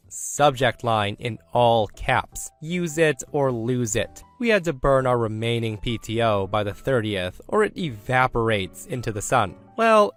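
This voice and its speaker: Narrator: man, mid-pitched, even scripted read, faint music bed underneath. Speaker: story narrator.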